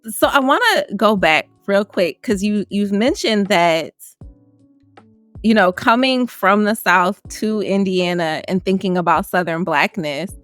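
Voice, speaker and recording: A woman podcast host from Michigan asks her guest questions in an easy, conversational manner. Her voice sits at a middle pitch and is recorded close and dry. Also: lively intonation, a little slow, fairly bright tone, no echo, soft background music. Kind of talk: interview questions.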